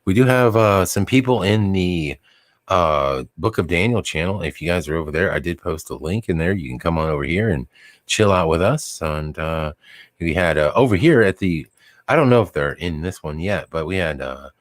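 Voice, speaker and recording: This man's voice is low-pitched and expressive, moving at a normal speed with no echo. Hosting a live stream, he keeps the chat casual, rambling along with chuckles and giving dogs silly voices when he quotes them.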